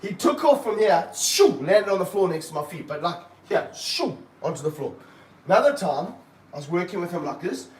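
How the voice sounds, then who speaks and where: A man keeping snakes, talking through a live stream as he handles one, with excited bursts and low muttered asides. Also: moderate pace. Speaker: snake keeper. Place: room of snake enclosures, indoors. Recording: roomy, from a distance, faint background hum.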